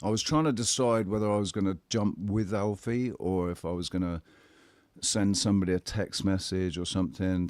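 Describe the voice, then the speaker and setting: A man's voice: lowish voice, no echo, clean studio sound. A man telling a personal story in casual chat, blunt and candid, swearing and often restarting his sentences. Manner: halting, with frequent restarts.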